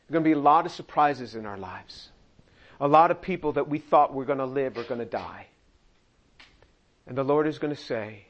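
A man's voice: medium pitch, normal speed, dull audio. A man preaching a sermon, reading scripture aloud and acting out the quoted lines with humor. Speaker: pastor.

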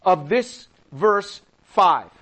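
A man's voice: high-pitched, lively intonation, drawn-out words, a bit bright, breathy edge, low-quality recording. An older man teaching a Bible study in a conversational way, acting out quoted voices and chuckling now and then.

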